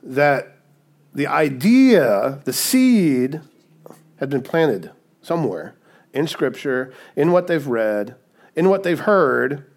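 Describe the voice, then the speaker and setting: A man's voice: mid-range voice, big pitch swings, slow. Man preaching with conversational "right?" asides. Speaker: pastor. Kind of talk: sermon.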